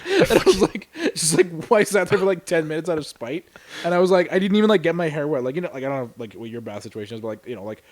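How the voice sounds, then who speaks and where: A man from Canada, co-hosting a stream, telling a story in casual chat, swearing often and laughing as he goes. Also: on the high side. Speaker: stream co-host.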